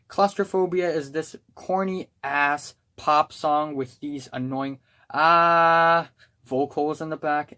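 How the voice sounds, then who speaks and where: A young adult album reviewer giving a casual spoken review, talking in a blunt, exasperated rant. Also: mid-range voice.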